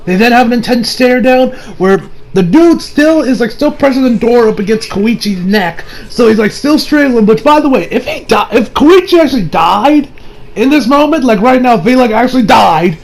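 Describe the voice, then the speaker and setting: A man's voice: extremely high pitch, poor audio. A man casually recapping and commenting on an anime episode, rambling with fillers and incredulous asides. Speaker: anime reviewer.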